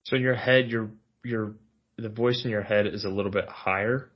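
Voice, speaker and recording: Animated joking man, low voice. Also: moderate pace, muffled recording. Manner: animated, jokey, self-deprecating. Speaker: podcast co-host. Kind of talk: casual chat.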